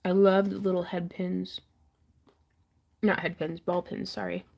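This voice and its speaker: A woman's voice: on the low side, flat delivery, a little slow, gravelly, a little mellow. Woman host, chatty and giggly, pokes fun at herself. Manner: giggly, self-deprecating, chatty. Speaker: host of a live jewelry auction stream. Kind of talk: casual live-stream chat.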